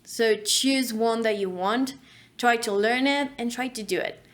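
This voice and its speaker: A woman's voice: fairly high pitch, measured pace, a bit bright. A woman teaching an online voice acting course, speaking in an instructive way and demonstrating diction drills.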